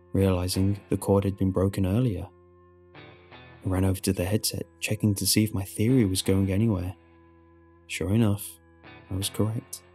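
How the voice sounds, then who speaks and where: Deep gravelly male horror narrator. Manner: low gravelly storytelling delivery. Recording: soft music underneath.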